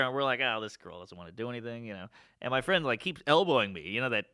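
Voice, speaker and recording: A man's voice: medium pitch, a little fast, clean tone, no echo, studio quality. A man telling a funny story in casual chat, acting out the people he quotes. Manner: animated, acts out quoted lines. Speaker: storyteller guest.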